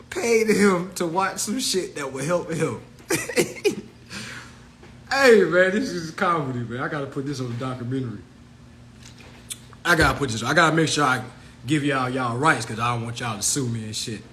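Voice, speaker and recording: A man hosting his own consumer advice channel, telling a story to his viewers in a loose, excitable rant that swings from shouting to muttering, with frequent laughs. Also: a little high, unhurried, long pauses, slight background noise.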